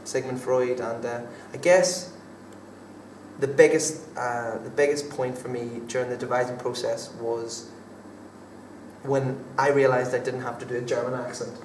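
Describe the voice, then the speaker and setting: A young man talks through his acting work in a hesitant, halting way, full of fillers and restarts. His voice stays flat and even. He sounds distant, in an echoey room with a faint hum of noise behind him. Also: medium pitch. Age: young adult. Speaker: drama student actor being interviewed. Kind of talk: casual interview answers.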